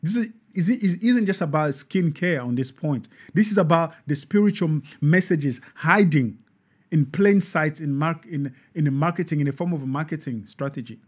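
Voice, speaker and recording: A man hosting a live online show, talking in an animated, preachy way with frequent restarts and self-corrections. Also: a little high, normal speed, husky. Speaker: host.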